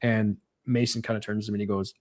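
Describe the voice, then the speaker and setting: A man's voice: fairly low pitch, level tone, fast talker, background noise. Chatty man rambling with fillers. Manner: rambling, many fillers, acts out quotes, laughs often. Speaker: podcast panelist. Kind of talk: casual chat.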